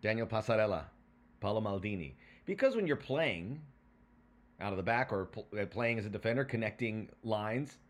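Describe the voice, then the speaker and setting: A man hosting a podcast, chatting casually and telling stories in a lively way, then reading a prepared segment. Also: on the low side, normal speed. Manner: lively, animated storyteller. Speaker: podcast host.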